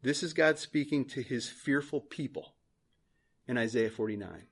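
A man's voice: mid-range voice, normal speed, vocal fry, slightly rough. A male pastor preaching a sermon in church, earnest, repeating phrases for emphasis.

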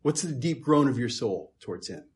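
A man delivering a sermon in a husky, slightly breathy voice of middling pitch. He leans hard on key words, stumbles into repetitions, then drops to quieter asides. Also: expressive, normal speed. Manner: emphatic, repeats words, shifts between loud stress and soft asides. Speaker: preacher.

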